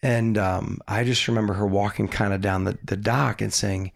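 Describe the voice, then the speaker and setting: A man's voice: fairly low pitch, fairly even intonation, moderate pace, gravelly. A man, a podcast guest, casually telling a rambling story and laughing as he goes.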